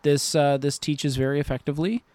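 A man's voice: a little high, fairly even intonation, brisk, a little mellow, no room sound. Sarcastic man on a dry mic. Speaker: podcast co-host. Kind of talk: casual chat.

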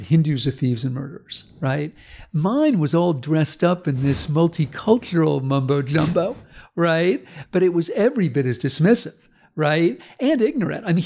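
A man's voice: on the high side, vocal fry. A man, a history professor, telling a story in conversation, acting out the people in it with blunt, emphatic and sometimes profane talk. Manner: animated storyteller acting out quoted voices.

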